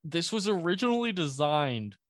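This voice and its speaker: A man's voice: a little high, sing-song, normal speed, dry recording. Young man casually explaining, dry close mic. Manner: rambling, laughs while explaining, swears casually. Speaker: presenter of a conspiracy topic. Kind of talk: casual podcast chat.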